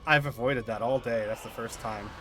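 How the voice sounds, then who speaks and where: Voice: medium pitch, steady tone, moderate pace, heavy background noise. A streamer doing live commentary over a hard video game, exclaiming at each death and laughing it off.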